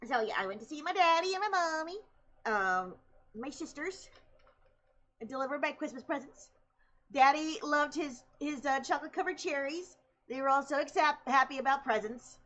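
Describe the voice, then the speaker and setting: A woman's voice: high voice, normal speed, bright, forceful tone. A young woman streamer in casual chat, chatty and laughing often as she tells stories.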